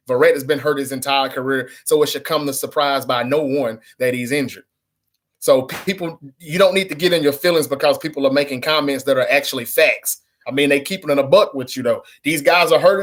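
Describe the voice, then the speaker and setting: A man's voice: on the high side, a bit bright. A man hosting a sports fan channel, ranting bluntly and with frustration to camera, swearing and repeating himself. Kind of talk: casual fan rant to camera.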